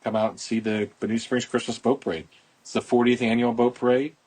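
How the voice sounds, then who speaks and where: A man's voice: medium pitch, flat delivery, fast talker, a little mellow, breathy edge. A middle-aged man hosting a casual podcast, talking outdoors into a phone in a rambling, folksy promotional way. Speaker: podcast host, boat club owner.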